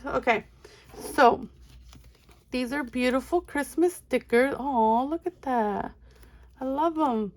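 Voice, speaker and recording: A woman's voice: sits high, slow pace, pauses often. A young woman, chatting casually and gushing as she shows off giveaway items to her viewers. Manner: gushing, excitable, calls viewers friends. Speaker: budgeting channel host. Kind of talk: casual unboxing chat.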